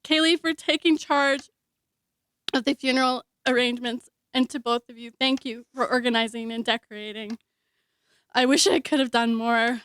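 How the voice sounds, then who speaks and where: A woman giving an emotional, halting memorial speech as a sister, often pausing to compose herself. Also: on the high side, fairly even intonation, fairly bright tone, clean tone. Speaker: eulogy speaker, sister. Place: memorial hall.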